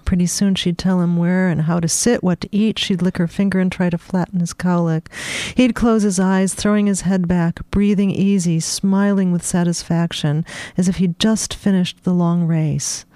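A woman author speaks in a halting way with many fillers, then reads from her novel in a steady, measured voice. Her tone is dark and mellow. The room sounds dry and close. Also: lowish voice, dry recording. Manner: hesitant with many fillers in talk, measured when reading. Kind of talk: conversation and book reading.

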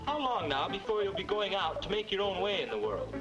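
This young man, acting in a 1950s educational film, portrays a boy's earnest adult self and explains things in a teaching tone. He speaks briskly in a high voice with big swings in pitch, and the dull audio comes from an old film soundtrack with music underneath.

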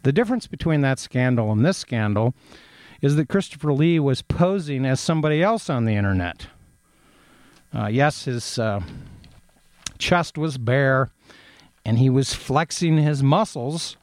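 A man talks through news stories in a casual commentary, pausing often with ums and uhs. His voice sits at an ordinary middle pitch and comes across close and dry, with no room sound. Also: lively intonation, darkish tone, no echo. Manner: hesitant, many ums and uhs, reads aloud and adds opinions.

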